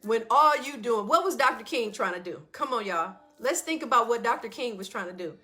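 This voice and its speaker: Woman live-stream host, high bright voice, preachy and rousing, keeps asking the crowd if they hear her. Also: animated, fairly quick, hardly any pauses. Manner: exhorting, call-and-response. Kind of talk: live-stream wellness talk.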